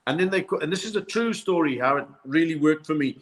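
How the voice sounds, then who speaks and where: A South African man in his sixties, a comedian and podcast guest, telling stories of his early career. He is a lively storyteller who slips into other accents for his punchlines. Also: a little high, fast talker, a little hiss or hum. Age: 60s. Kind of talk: anecdotal storytelling in a podcast interview.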